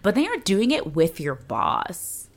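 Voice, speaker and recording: Animated, blunt woman recapping. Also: medium pitch, measured pace. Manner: animated, blunt, swears freely. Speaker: podcast co-host. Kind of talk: casual recap chat.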